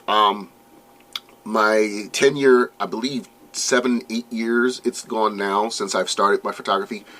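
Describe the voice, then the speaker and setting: Male podcast host, 30s, low-ish voice, slightly hoarse, loose rambling solo intro. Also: steady tone, slow pace, fairly bright tone. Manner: rambling, many fillers and restarts. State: losing his voice.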